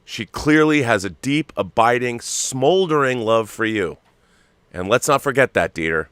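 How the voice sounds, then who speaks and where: Bright-voiced teasing American male co-host. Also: mid-range voice, lively intonation, unhurried, clean tone, no echo. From United States. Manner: teasing, playful banter. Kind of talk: casual chat.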